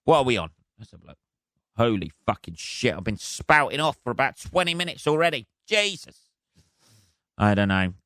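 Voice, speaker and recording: A man's voice: medium pitch, a bit bright, clean tone, no room sound. A man hosting a solo podcast, ranting in a profane, rambling, sardonic way. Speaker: podcast host. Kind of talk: solo comedic rant.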